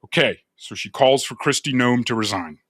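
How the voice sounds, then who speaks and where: A man's voice: medium pitch, normal speed, a bit bright, no room sound, clean studio sound. A man hosting sarcastic political commentary, with a mocking, theatrical delivery.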